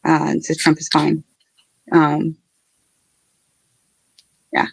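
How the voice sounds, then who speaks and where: Earnest, halting woman streamer. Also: low voice, completely flat delivery, creaky, breathy edge, no room sound. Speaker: livestream host. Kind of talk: casual livestream commentary.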